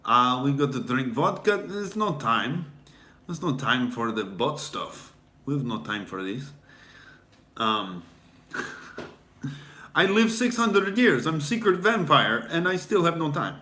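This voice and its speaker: A man's voice: on the high side, sing-song, slow pace, long pauses, sharp tone, echoey room, exaggerated voice. A man voicing a blustering Russian man, using a mock Russian accent and broken, boastful grammar.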